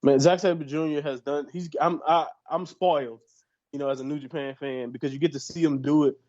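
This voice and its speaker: A fairly high-voiced American man chats loosely on a podcast and keeps restarting his sentences while his thoughts catch up. The audio is dull and lo-fi. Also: brisk. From United States. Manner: animated, rambling with many restarts. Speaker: podcast co-host. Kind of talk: casual chat.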